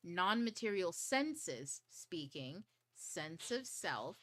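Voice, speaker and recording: A woman's voice: on the low side, sing-song, slow pace, fairly bright tone, no echo. A woman hosting an online study group livestream, talking in a chatty way with frequent swearing and a few whispered asides. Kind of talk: casual livestream talk.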